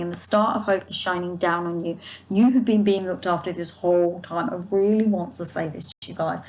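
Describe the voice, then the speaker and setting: A woman's voice: on the low side, a little mellow, poor audio. A woman giving a casual tarot reading to her viewers, soothing and reassuring, often stopping and restarting her sentences. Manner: soothing, speaks of angels guiding her. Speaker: tarot card reader.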